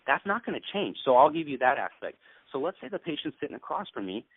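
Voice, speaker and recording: A man who owns a clinic, coaching other practitioners in an animated way and acting out what he tells patients. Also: on the high side, quick pace, background noise. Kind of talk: conversational sales coaching. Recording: dry, tinny call audio.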